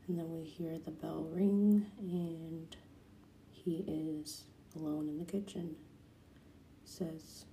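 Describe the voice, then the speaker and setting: A soft-spoken woman retelling a cartoon episode, at times dropping into a whisper. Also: sits low, fairly even intonation, slow, creaky, reverberant, slight background noise, low-quality recording. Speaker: narrator.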